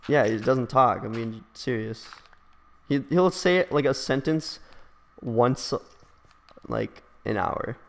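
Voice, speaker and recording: A man's voice: medium pitch, takes it slowly, long pauses, in a large hall. A young man hosting a gaming session, teasing a friend with crude jokes and frequent laughter. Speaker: gaming channel host. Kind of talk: casual gaming banter.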